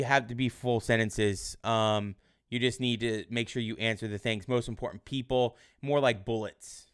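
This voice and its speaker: A male teacher giving casual online class instructions in a relaxed, rambling way with many fillers. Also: mid-range voice, normal speed, clean tone.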